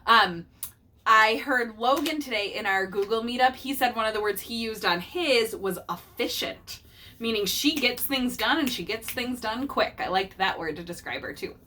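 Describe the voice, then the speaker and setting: A woman reading a picture book aloud to her child, pausing to explain idioms and acting out the characters. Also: on the high side, bright, forceful tone, a little hiss or hum.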